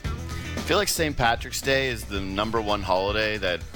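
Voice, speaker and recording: A man's voice: lowish voice, normal speed, faint music behind. A man co-hosting a hockey talk show, chatting casually and joking, often acting out other people's voices. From Canada. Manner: animated, joking, acts out quoted voices.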